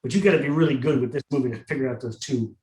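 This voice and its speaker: A man's voice: mid-range voice, very fast, a little mellow, far from the mic. A middle-aged man co-hosting a podcast, bantering in a wry, playful way. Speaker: podcast co-host. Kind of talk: casual chat. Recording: roomy, off-mic sound.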